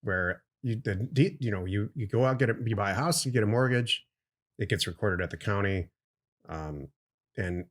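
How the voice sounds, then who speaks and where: This is a middle-aged man co-hosting a relaxed business podcast. His voice sits low, and he explains things in plain terms. He gives his opinions bluntly and without softening them. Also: moderate pace. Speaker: podcast co-host. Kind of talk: casual business podcast chat.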